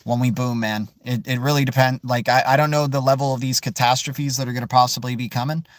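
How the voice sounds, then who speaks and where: A man hosting a casual crypto livestream, answering viewer questions in an animated, emphatic way and tossing in "dude" and "man". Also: medium pitch, fast talker, no room sound. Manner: animated, peppers speech with "right?", "dude" and "man"; emphatic, swears mildly for emphasis.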